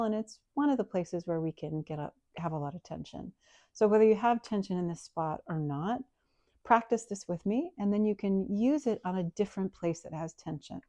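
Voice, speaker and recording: A woman yoga teacher guiding a breathing practice in a calm, soft-spoken, explanatory way. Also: medium pitch, no echo. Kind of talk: guided breathing and yoga instruction.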